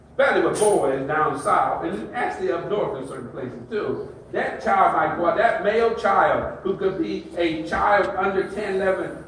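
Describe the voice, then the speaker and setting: Brief: man in his 60s, counselor lecturing, high-pitched folksy storytelling, roomy far-off sound with light noise. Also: fairly bright tone. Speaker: group counselor. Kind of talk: talk to an audience. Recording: echoey hall, voice heard from afar.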